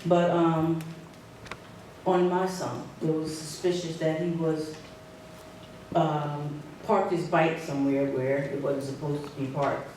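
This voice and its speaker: A woman, a resident speaking at a public meeting, talks in an emotional, hurt way, halting and restarting as she speaks. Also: deep voice, little pitch movement, dark tone, slight background noise. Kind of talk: public comment. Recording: echoey hall, distant mic.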